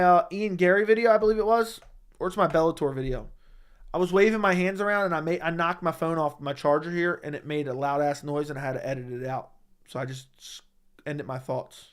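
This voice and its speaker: A man's voice: fairly high pitch, clean tone. Blunt, profane man chatting on a livestream. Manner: blunt and profane, talks back to chat. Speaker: livestream host reading viewer comments. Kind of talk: casual livestream chat. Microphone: studio microphone at a desk.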